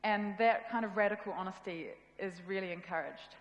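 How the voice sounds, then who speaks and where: A woman's voice: mid-range voice, fairly quick, dull audio. A woman with a New Zealand accent giving a casual, self-deprecating conference talk. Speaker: conference speaker. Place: event hall. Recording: echoey hall with long reverb.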